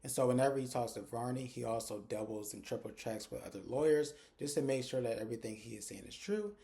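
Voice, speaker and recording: Casual man recapping a drama, mellow voice. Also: medium pitch, gravelly. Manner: casual, quick quoting of characters in a loose chatty way. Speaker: recap host. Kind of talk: casual plot recap with acted quotes.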